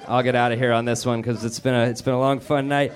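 A man's voice: mid-range voice, little pitch movement, fast talker. A man doing a crude, self-deprecating stand-up set on a theater stage. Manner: crude, self-deprecating punchlines with acted-out voices. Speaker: stand-up comedian. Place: comedy theater stage before a laughing audience. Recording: live club recording, crowd laughter. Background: audience laughter.

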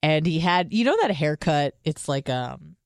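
Her voice sits low and moves at a moderate pace. Co-hosting a podcast, she recounts a story in an easygoing, comedic manner, profane and animated, acting out both sides of what was said.

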